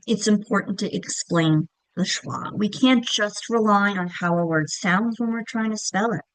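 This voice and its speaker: A woman's voice: medium pitch, no echo, poor audio. A woman teacher trainer giving a recorded presentation, explaining step by step, sounding out example words and checking in often.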